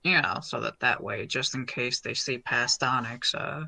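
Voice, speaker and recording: A man's voice: mid-range voice, moderate pace, gravelly, sharp tone. A man playing a tabletop game, wry and joking. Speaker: player. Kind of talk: casual tabletop role-play.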